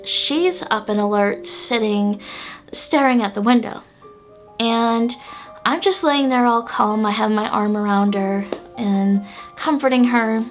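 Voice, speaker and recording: Woman host, higher voice, slow chatty storyteller, filler-heavy and giggly, light music bed. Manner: chatty, full of "like" and "um", laughs often. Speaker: pagan witch channel host. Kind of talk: casual personal storytelling.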